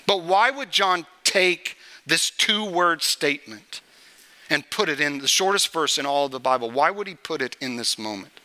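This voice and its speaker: A man preaching a sermon to a congregation, with a strikingly bright, forceful tone set a little high for a man. His delivery is conversational and he keeps checking in with listeners. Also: lively intonation, moderate pace. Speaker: pastor. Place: church service before a congregation.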